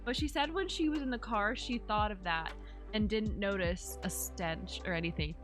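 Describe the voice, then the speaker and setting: A woman's voice: medium pitch, normal speed, over music. Rambling young woman streamer. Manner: rambling, many fillers and restarts, earnest. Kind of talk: casual chat while streaming.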